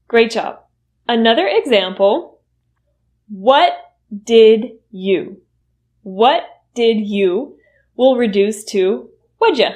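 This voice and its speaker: Lady teaching english, slow careful delivery, repeats phrases for you. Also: on the high side, lively intonation, a little mellow. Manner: slow, deliberate, models phrases for repetition. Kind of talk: pronunciation lesson.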